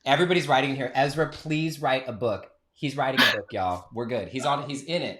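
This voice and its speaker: A man's voice: mid-range voice, brisk, hardly any pauses, fairly bright tone, a little hiss or hum. A man hosting a podcast, enthusiastic and playful, speaking directly to his listeners. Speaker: podcast host. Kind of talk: casual podcast interview.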